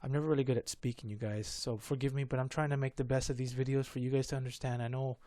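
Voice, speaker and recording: A man's voice: mid-range voice, level tone, fast, mellow, no room sound. A man explaining math in a casual lesson, rambling and stuttering, often correcting himself. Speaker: math tutor.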